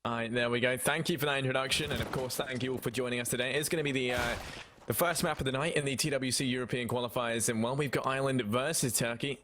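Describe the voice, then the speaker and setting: A man's voice: mid-range voice, steady tone, fast talker, a bit bright. A man hosting an esports match stream, chatty and upbeat, stumbling over his words now and then as he keeps things rolling, with a faint hiss of noise behind him. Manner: upbeat, chatty, frequent restarts. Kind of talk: live esports casting chat.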